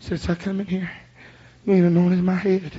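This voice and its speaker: Speaking at normal speed in a high, warm monotone, a man preaches a sermon in a rhythmic chant punctuated by breathy "uh"s. He dramatizes the story and acts out the voices he quotes. The recording sounds muffled, with a faint hiss.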